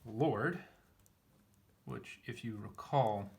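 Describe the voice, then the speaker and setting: A man's voice: lowish voice, expressive, extremely slow, a little mellow, husky. A man teaching a text line by line, thinking aloud with frequent fillers and self-corrections. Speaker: Greek teacher. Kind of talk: casual lesson reading.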